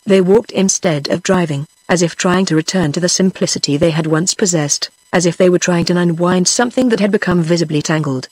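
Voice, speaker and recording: A woman's voice: lowish voice, fairly quick, few pauses, dry recording. Synthetic British woman reading a story. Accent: British English. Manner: even, steady synthetic reading, no acted character voices. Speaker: audiobook narrator. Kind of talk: text-to-speech audiobook reading.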